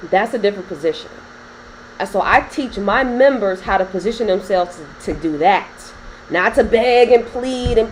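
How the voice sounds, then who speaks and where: A woman's voice: a little high, lively intonation, moderate pace, a little hiss or hum, low-quality recording. A woman coaching on business credit in a casual talk to camera, chatty and laughing often as she addresses viewers directly.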